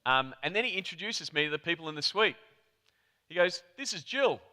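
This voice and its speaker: An Australian man from Melbourne giving a conference talk, telling a chatty anecdote with quick asides to the audience. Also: a little high, animated, pushed and bright, smooth. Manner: chatty storyteller, rapid asides. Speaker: conference presenter. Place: conference hall. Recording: reverberant hall.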